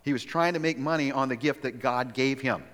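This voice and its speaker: A man preaching a sermon in a church, with an ordinary mid-range pitch. He tells the story in an animated way and often stops to restart a phrase. The sound trails off in a long reverb around him. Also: brisk. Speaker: pastor. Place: church sanctuary.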